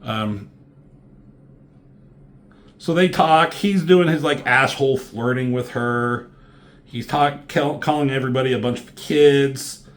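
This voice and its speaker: Male comic reviewer, mid-pitched, loose and rambling, filler-heavy, casual cursing. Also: slow pace, pauses often. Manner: rambling, lots of ums and likes, swears casually.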